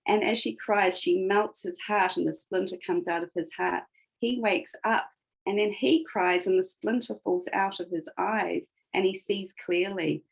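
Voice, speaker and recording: Speaking at a measured pace, a woman with a gravelly, medium-pitched voice and fairly even intonation retells a fairy tale as a podcast guest. She's reflective and emphatic, tying the story to the present in a conversational way, though the recording is rough.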